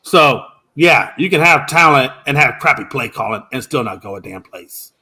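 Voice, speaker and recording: A man co-hosting a sports talk show, arguing his point with emphatic, animated delivery that jumps up at times. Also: medium pitch, normal speed, husky. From United States. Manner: animated, emphatic, rising to shouts. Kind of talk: casual sports debate.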